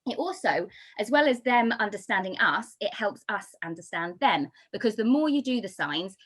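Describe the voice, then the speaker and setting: A woman from the United Kingdom giving a talk on baby sign language, explaining with lively, sing-song emphasis. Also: medium pitch, moderate pace. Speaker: baby signing instructor. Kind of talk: talk to an audience.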